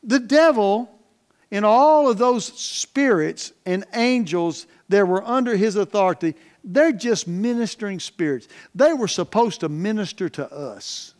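A man preaching a sermon as the pastor, in a folksy, plain-spoken way, with emphatic swings between loud stresses and quiet asides. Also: sits high, animated, a little slow.

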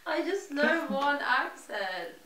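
A woman's voice: high voice, animated, slow pace, pushed and bright. A woman chatting casually, giggly and self-deprecating as a friend on a vlog. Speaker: friend of the vlogger. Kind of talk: casual chat.

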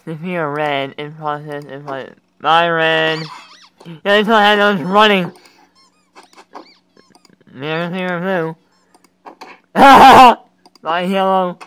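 A man giving reaction commentary, talking along casually and breaking into loud, excited exclamations. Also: on the high side, slow pace, pauses often, a little hiss or hum, poor audio. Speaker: reaction video creator.

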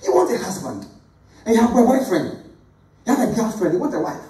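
An emphatic middle-aged pastor preaching, his pitch swinging widely up and down as he repeats key words. He is caught by a mic set well back, so his voice rings around an echoey church. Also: sing-song, brisk, mellow, distant mic. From Ghana. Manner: emphatic preaching with repetition, calls on congregation to read aloud. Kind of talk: sermon. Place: church sanctuary.

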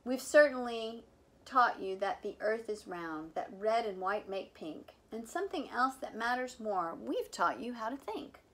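A woman's voice: on the high side, animated, measured pace. A woman reading as a bubbly confident teacher. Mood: reassuring. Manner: bright, reassuring storybook delivery.

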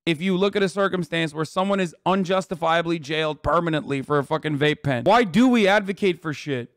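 A man's voice: fairly high pitch, a little fast, fairly bright tone, no echo, studio quality. A man ranting angrily and profanely at his chat during a livestream, reading news aloud between outbursts. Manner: angry, profane, reads news aloud then rants at chat. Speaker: streamer reacting to news. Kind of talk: heated livestream rant.

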